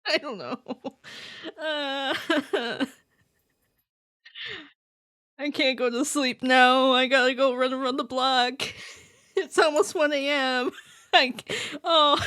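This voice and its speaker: A woman streamer chatting casually with her viewers, excitable and quick to laugh. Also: high-pitched, dry recording, studio quality. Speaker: live streamer. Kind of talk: casual live-stream chat reading viewer messages.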